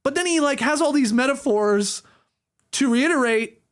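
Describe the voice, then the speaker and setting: A man co-hosting a casual basketball talk show, animated and quick to laugh, sometimes searching for words. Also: very high voice. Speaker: podcast co-host. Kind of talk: casual sports chat.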